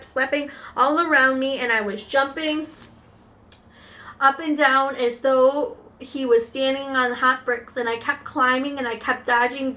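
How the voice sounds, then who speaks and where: A woman reading a children's book aloud with animated storytelling and occasional slips. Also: high-pitched. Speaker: reader.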